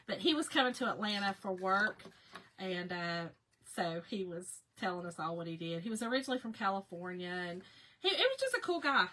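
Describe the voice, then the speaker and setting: A woman's voice: mid-range voice, very animated, a little fast, bright, forceful tone, slight background noise. A woman hosting a casual live crafting chat, talking to viewers by name and laughing often. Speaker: craft livestream host.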